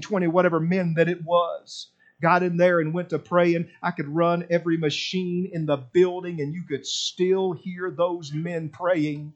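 High-voiced passionate male preacher. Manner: passionate, swinging from loud exclamations to low quiet asides; repetitive, emphatic preaching cadence. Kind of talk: sermon.

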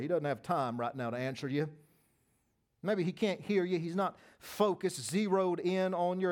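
A man preaching a sermon, emphatic, with loud peaks, quiet asides and folksy humor. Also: on the high side.

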